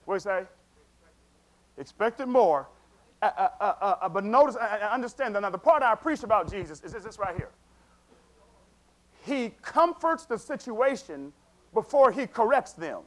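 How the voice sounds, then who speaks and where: A man's voice: high-pitched, expressive, moderate pace, pauses often. A man preaching a sermon in a casual, conversational way, repeating words and checking in with the congregation.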